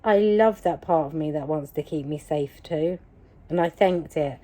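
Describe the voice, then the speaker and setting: Mellow woman telling her story. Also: low-pitched, moderate pace. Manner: emphatic, repetitive, animated retelling. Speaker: vlogger. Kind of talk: casual personal storytelling.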